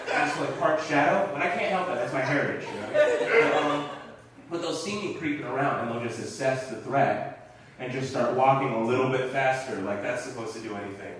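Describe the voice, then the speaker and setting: A young man doing a stand-up set in a small comedy theater, animated and loud when he acts out lines to the crowd. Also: mid-range voice, brisk, very echoey, recorded from a distance, noisy background.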